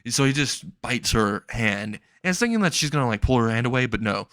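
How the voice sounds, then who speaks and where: A man rambles through a comic story in a casual, swearing tone, breaking into laughs as he goes. His pitch sits in the middle, and the sound is dry and close with no room around it. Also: lively intonation, fairly quick, fairly bright tone, no echo.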